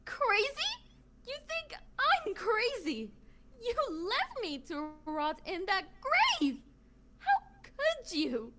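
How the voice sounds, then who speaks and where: A woman voicing a betrayed young woman who is furious and heartbroken, shouting accusations that fade into hurt, in voice acting practice. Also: very high-pitched, huge pitch swings, very slow, noisy background, voice pushed up, exaggerated voice. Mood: anguished fury.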